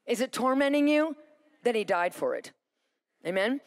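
A woman preaches a sermon by telling her own story with lively energy. She acts out the thoughts she had along the way. She keeps calling to the listeners for an answer. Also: a little high, normal speed. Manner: asks the audience for responses. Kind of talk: sermon with personal testimony.

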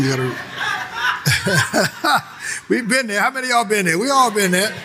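A man's voice: high-pitched, expressive, normal speed, long pauses, crowd noise. A man preaching a sermon, emphatic and repetitive, reading verses and calling on the congregation to answer back.

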